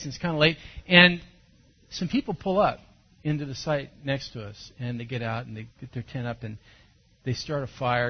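Husky-voiced pastor telling a story. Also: male voice, fairly high pitch. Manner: animated storytelling with sudden loud bursts. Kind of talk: sermon. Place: church service. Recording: dull lo-fi sermon recording.

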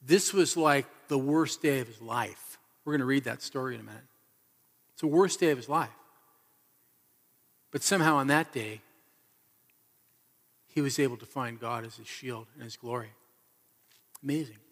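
A man's voice: medium pitch, normal speed, long pauses, a bit bright. A man preaching a sermon as pastor, telling the story with earnest, emphatic repetition. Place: church hall. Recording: reverberant hall.

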